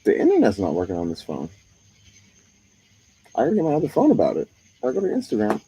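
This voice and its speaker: A man's voice: medium pitch, wildly swooping pitch, quick pace, long pauses, mellow, husky, low-quality recording. A man streaming live, talking in a profane monologue that jumps from one topic to the next.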